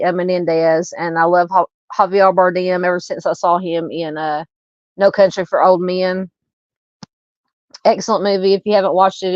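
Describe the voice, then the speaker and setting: A woman's voice: on the low side, a little mellow, no room sound, muffled recording. A middle-aged Southern woman hosting a live true crime stream, chatting casually, greeting viewers and reading comments in a rambling way with many fillers and restarts. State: hiccups.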